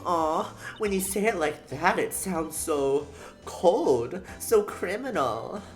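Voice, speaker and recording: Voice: mid-range voice, animated, slow, faint music behind, voice pushed up. A streamer voicing a rude, scornful young woman witness in a game, reading the lines aloud with taunting, sneering insults.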